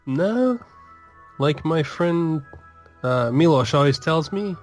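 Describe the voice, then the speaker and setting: A man's voice: a little high, expressive, slow, soft background music. A man co-hosting a podcast, laid-back and wry, with short, sarcastic replies. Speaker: podcast co-host. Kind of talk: casual chat.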